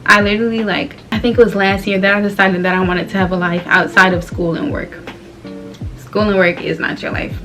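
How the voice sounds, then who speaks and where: Brief: twenties woman from Florida, casual vlog chat, bright voice, faint music under her. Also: mid-range voice, steady tone, normal speed. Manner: loose, candid, slangy, laughs often. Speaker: vlogger. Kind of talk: casual chat while doing her hair.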